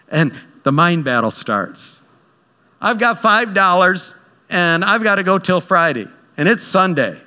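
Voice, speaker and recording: A man's voice: on the high side, animated, unhurried, pushed and bright. A man preaching a sermon in a conversational way, retelling scripture and personal stories and acting out the voices in them. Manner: conversational, acts out quotes, chuckles at own stories. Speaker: pastor. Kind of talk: sermon with storytelling. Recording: dull sound with long hall reverb.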